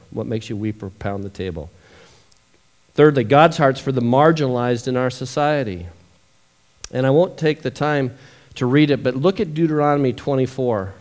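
A pastor with a medium-pitched voice preaches a sermon, shifting from quiet storytelling into loud, emotional readings of scripture.

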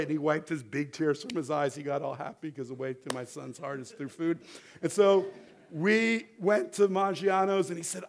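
A middle-aged man preaching a sermon as a rabbi, animated and building toward fervent exhortation, leading the congregation to repeat words back. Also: fairly high pitch, normal speed. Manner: animated, rising to near-shouting exhortation; leads the congregation in call-and-response.

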